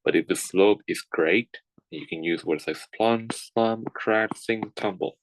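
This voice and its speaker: A man's voice: fairly low pitch, a little slow, no room sound, poor audio. A man teaching a writing class, lecturing with frequent "okay"s and restarts. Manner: repeats words and restarts, says okay often.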